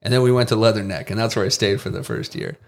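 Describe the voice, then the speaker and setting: With a lowish, creaky voice and a quick pace, a former Marine and contractor shares stories casually on a podcast. He animates them by delivering quoted lines in a raised voice.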